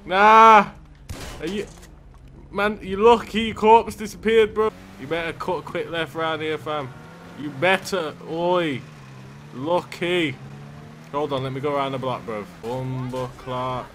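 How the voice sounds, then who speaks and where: A male gaming YouTuber giving gameplay commentary, excitable and yelling and swearing at other players. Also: a little high, a little slow, a little hiss or hum.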